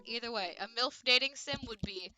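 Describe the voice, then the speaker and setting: Woman streamer goofing around live, bright high voice, faint music behind. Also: fairly quick, smooth. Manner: animated, joking asides. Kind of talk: live game playthrough, reading aloud.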